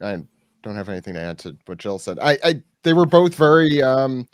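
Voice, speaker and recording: A man's voice: medium pitch, big pitch swings, a little fast, no echo, studio quality. A man on a podcast panel giving short, agreeable comments about anime. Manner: brief, agreeable. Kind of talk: casual chat about anime.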